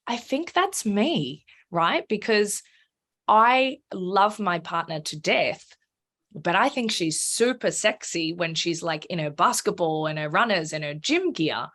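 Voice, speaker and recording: A woman speaking as a podcast guest, frank and animated, swearing freely and acting out her own inner voice. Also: lowish voice, a little slow. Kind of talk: candid conversational interview.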